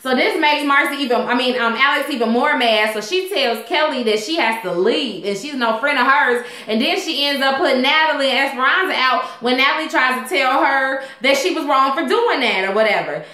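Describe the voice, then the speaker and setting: A chatty woman recaps a TV episode in a casual, animated way and acts out the characters as she goes. She is a little tipsy, and her voice sits high and sounds bright and sharp. The room around her is noticeably echoey. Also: a little fast, hardly any pauses. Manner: chatty, animated, loud quoting of characters, frequent laughs. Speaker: TV recap host.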